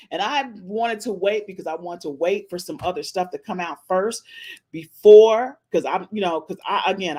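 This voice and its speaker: A woman hosting a casual live-stream podcast, talking playfully to her chat and calling out meows. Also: mid-range voice. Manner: animated, playful, says meow to the chat; African American Vernacular English speech patterns. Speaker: podcast host.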